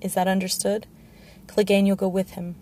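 A woman reading the part of a bitter, sharp-tongued male dwarf lord, scornful and commanding. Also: medium pitch, little pitch movement, moderate pace, slight background noise, lightly acted. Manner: scornful, shouting.

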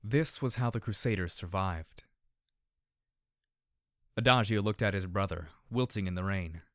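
A man narrating a story in a measured, expressive manner. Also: deep voice, dry recording, clean studio sound.

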